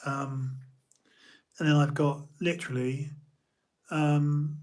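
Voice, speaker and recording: A young man from the UK, streaming an emotional personal monologue, halting and repeating his words as he talks. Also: a little high, steady tone, a little mellow.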